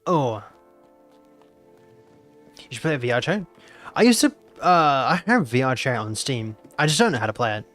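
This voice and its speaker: A man's voice: mid-range voice, sing-song, moderate pace, pauses often, fairly bright tone, soft background music. A nineteen-year-old man, chatting casually and playfully on a live gaming stream, teasing his chat and repeating phrases in mock outrage. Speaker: VTuber streamer.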